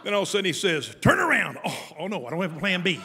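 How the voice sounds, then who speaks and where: A man telling a humorous story to an audience, folksy and lively, often laughing as he goes. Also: high voice, very fast, big-room sound, slight background noise.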